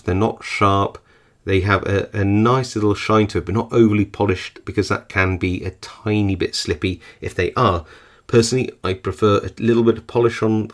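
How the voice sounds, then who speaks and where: A man, hosting his own channel and giving a casual product review, easygoing and often pausing with ums and restarts. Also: sits low. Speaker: lock-picking channel host.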